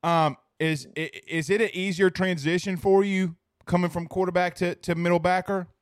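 A male sports host asks questions in a chatty, upbeat way. His voice is fairly high for a man, smooth and resonant, and the sound is dry and close. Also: steady tone, moderate pace, no echo. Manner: chatty, enthusiastic. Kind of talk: casual interview.

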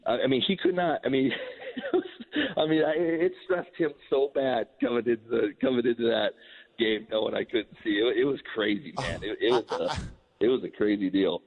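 A husky middle-aged man talks over a thin, tinny phone-like line. He is an animated storyteller who acts out both sides of every quoted exchange in a casual interview. The phone line flattens his voice. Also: mid-range voice, moderate pace. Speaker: guest, former relief pitcher.

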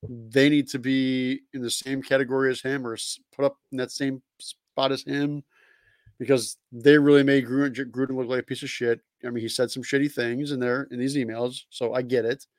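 A man's voice: mid-range voice, flat delivery, brisk, dry recording. A man co-hosting a casual sports podcast, blunt and profane, laughing at his own points. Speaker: podcast co-host.

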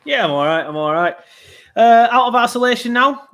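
A man's voice: very high-pitched, animated, a little fast, fairly bright tone. A young man hosting a casual football podcast, rambling with frequent ums. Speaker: podcast host.

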